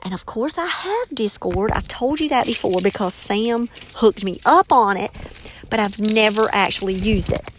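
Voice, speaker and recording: A woman's voice: mid-range voice, animated, normal speed, noisy background. A woman hosting her own podcast, telling a story casually and animatedly, acting out the voices she quotes. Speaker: podcast host, author and ninth-grade teacher.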